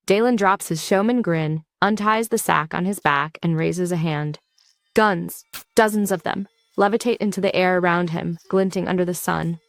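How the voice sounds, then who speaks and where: A woman tells a comic recap in a wry, brisk storytelling voice. Her read is scripted and dry and sits close to the mic. Faint music runs underneath. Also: fairly low pitch, creaky, dry recording. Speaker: recap narrator.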